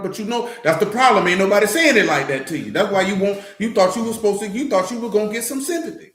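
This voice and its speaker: A man's voice: high-pitched, sing-song, fast talker, few pauses, fairly bright tone, echoey room. A man giving a loose, blunt, streetwise scripture teaching. He talks conversationally and keeps asking "you know what I'm saying". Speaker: teacher of a scripture study assembly.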